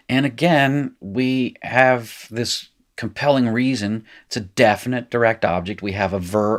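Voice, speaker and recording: Low-voiced middle-aged male teacher, chatty, explains as he goes. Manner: chatty, explanatory, thinking aloud. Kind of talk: recorded screen lesson.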